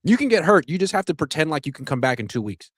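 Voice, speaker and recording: A man co-hosting a casual sports podcast, laying out firm opinions in a steady way. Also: fairly high pitch, fast, dry recording, studio quality. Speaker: podcast co-host.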